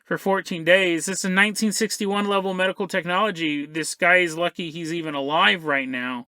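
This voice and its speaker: A guy putting on an exasperated doctor, talking fast and flustered, bright crisp voice, dry close sound. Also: high-pitched, steady tone, dry recording, voice pushed down. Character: exasperated hospital doctor, adult man.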